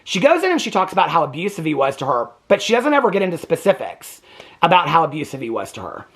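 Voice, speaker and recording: A man delivers heated commentary on a documentary, his pitch swinging widely as he pushes each point. He talks in an indignant, emphatic way and keeps stressing his lines with a pointed "okay?". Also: wildly swooping pitch, quick pace, fairly bright tone, slightly rough. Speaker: TV reaction host. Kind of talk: opinionated commentary.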